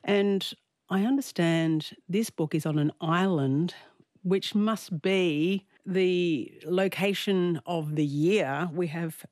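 A woman hosting a radio book discussion, easygoing and chatty, quick to giggle. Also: fairly low pitch, a little mellow, no echo, studio quality. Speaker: radio host.

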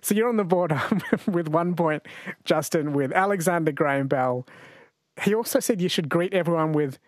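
A man hosts a late-night radio quiz in a chatty, laughing way. His voice sits a little high and sounds dry and close, and he slows down when he reads the questions. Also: no room sound. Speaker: radio host. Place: radio studio. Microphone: studio microphone.

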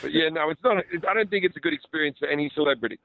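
A man's voice: a little high, creaky, dry recording. Australian comedian guy on the phone, chatty, jokey, dry tinny sound. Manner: chatty and joking, with quick restarts. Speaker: comedian guest. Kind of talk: casual radio interview.

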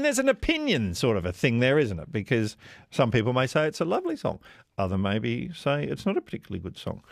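Man, radio quiz host, chatty, self-deprecating, lively pitch, dry studio sound. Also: no room sound. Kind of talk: casual radio chat with callers. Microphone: studio microphone.

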